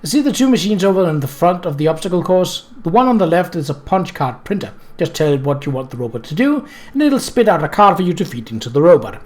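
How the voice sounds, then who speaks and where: Let's player reading a helpful student, chatty and reassuring, lively pitch. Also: fast, lightly acted. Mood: friendly. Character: helpful friendly college robotics student.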